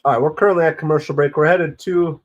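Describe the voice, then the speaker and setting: A middle-aged man with a cold, hoarse and stuffy, hosting a live stream and chatting casually through the play-by-play. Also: quick pace, highs cut off. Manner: rambling, excitable about pitches.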